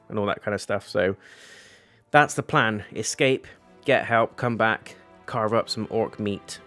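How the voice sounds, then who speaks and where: A man's voice: lowish voice, steady tone, normal speed, fairly bright tone, soft background music. A man hosting a casual TV episode review, retelling the plot in a rambling way, with paraphrased quotes, fillers and some blunt swearing. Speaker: TV reviewer, channel host.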